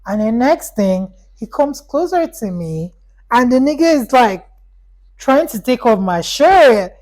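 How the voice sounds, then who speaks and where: A woman's voice: on the high side, measured pace, poor audio. A young adult woman telling a personal story on her vlog, rambling with lots of "like"s and acting out the dialogue. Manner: animated, rambling, many "like"s, acts out dialogue. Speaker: vlogger.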